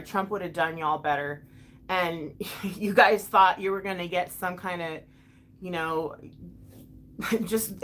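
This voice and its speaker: A woman's voice: on the low side, fairly bright tone, slight background noise. A woman ranting on a casual livestream vlog, heated and profane, with many fillers and restarts, talking straight back to her viewers. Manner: talks back to viewers directly. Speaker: livestream vlogger reading chat.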